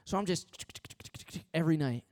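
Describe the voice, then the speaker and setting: A man's voice: fairly high pitch, lively intonation, normal speed, darkish tone. A middle-aged man preaching a conversational sermon, emphatic and full of repetition and anecdotes. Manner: emphatic, repetitive, anecdotal, talks straight to the congregation. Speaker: pastor.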